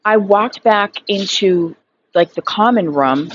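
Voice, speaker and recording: A woman's voice: mid-range voice, expressive, takes it slowly, lo-fi sound, a little hiss or hum. A woman in her thirties telling a story in a casual vlog monologue, frank and rambling, swearing freely and filling her sentences with fillers. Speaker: recovery vlogger.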